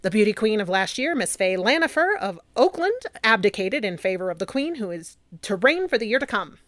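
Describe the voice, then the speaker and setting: A woman's voice: mid-range voice, very animated, fairly quick, a bit bright, no echo, studio quality. A woman voicing an old-timey 1920s newspaper announcer, grand and formal.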